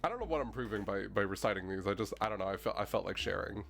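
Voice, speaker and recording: A man's voice: fairly low pitch, steady tone, fast, vocal fry, fairly bright tone. A man streaming a video game, reading its text aloud and rambling in a casual, chatty way with plenty of "like" and mild swearing. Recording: faint game music underneath.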